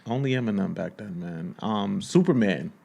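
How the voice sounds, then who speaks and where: A man's voice: lowish voice, animated, normal speed, creaky, warm tone, husky, lo-fi sound. A man co-hosting a podcast in casual chat, laid-back, adding short agreeing replies. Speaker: podcast co-host.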